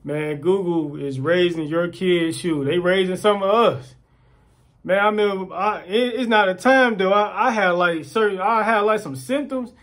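A man's voice: high-pitched, unhurried. A man ranting casually to the camera, acting out quoted voices and repeating himself as he tells stories. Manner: animated storytelling, acts out quoted voices, repeats words. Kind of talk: casual rant.

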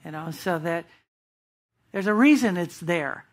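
A woman's voice: on the low side, animated, unhurried. Emphatic woman pastor preaching. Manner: emphatic, with rhetorical questions to the congregation. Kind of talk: sermon. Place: church.

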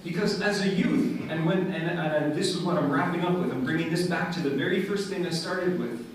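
A Canadian guest speaker with a high-pitched voice speaks fairly quickly, giving an earnest, story-driven speech at a community event in a large mosque hall. He is heard from far off, with the hall echoing.

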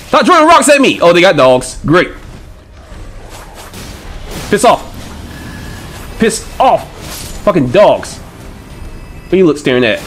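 A man giving excitable gameplay commentary, swearing and trash-talking enemies with frequent panicked outbursts. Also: sits high. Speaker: gaming channel host.

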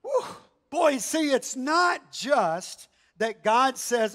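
A man preaching a sermon in an animated, emphatic, conversational way. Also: very high-pitched, takes it slowly.

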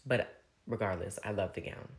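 A young fashion commentator recaps the red carpet casually, his voice fairly low in pitch and his pace normal. He's gushing and chatty, dropping "like" constantly.

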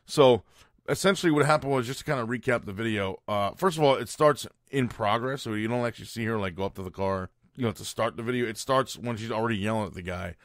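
A man's voice: lowish voice, fast talker, no room sound, clean studio sound. Blunt, foul-mouthed male podcast host. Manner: profane, blunt, exasperated storytelling. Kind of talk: casual podcast rant.

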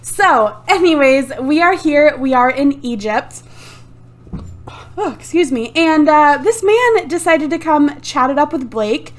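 A woman with a high voice rattles off casual gameplay commentary. She is exasperated and swears freely, breaking into laughs along the way. She is recorded on a desktop USB microphone at home. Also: lively intonation, measured pace. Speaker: let's play gamer.

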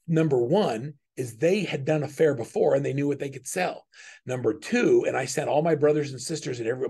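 A man's voice: medium pitch, creaky, darkish tone, breathy edge. A middle-aged man speaking as a business coach in a webinar, teaching earnestly and conversationally through personal stories, often restarting his sentences.

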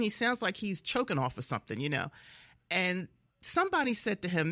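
A woman's voice: on the low side, very animated, a little fast, fairly bright tone, no echo, studio quality. A woman from the Philadelphia area hosting a casual radio interview, chatty and laughing often. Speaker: radio host.

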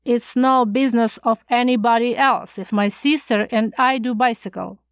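A woman's voice: on the high side, fairly even intonation, moderate pace, dry recording, studio quality, natural voice. A woman reading the lines of a sulky, curt young male teacher who speaks coldly. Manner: cold and curt.

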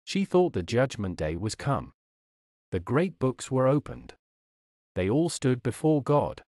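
Male sermon reader, solemn and dramatic, wide-ranging pitch, dry close sound. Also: sing-song, a little slow, darkish tone, no room sound. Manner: solemn, declamatory, rises and falls dramatically. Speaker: preacher. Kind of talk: reading a sermon aloud.

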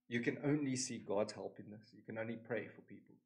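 A man hosting a reaction video, talking in an earnest, emotional and devout way with many pauses, recorded in a new home studio. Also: fairly low pitch, fairly even intonation, vocal fry, rough recording. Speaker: reaction channel host. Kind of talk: casual reaction commentary.

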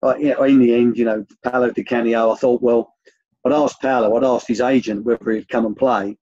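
An older man, a former youth coach, telling rambling anecdotes with many restarts in a relaxed interview. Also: mid-range voice, brisk, no room sound, muffled recording.

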